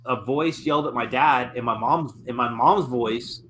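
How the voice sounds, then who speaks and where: Guy with a bright tense voice telling a spooky family story, trips over words, faint hiss. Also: mid-range voice, moderate pace. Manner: stumbling, repeats words. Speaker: co-host.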